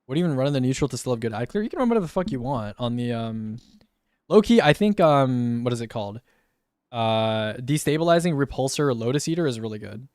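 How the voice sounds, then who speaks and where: A young man talking casually on a live stream, loose and slangy, often tossing in "bro". His voice sits at an ordinary pitch for a man. The recording is close and dry, with almost no room sound. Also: animated, fairly quick, a little mellow, smooth, no room sound. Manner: laid-back and slangy, often says "bro".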